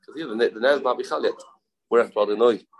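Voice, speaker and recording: A man teaching a Talmud lesson, halting and repeating phrases, mixing English with Hebrew and Aramaic terms. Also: medium pitch, dull audio. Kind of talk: Talmud study class.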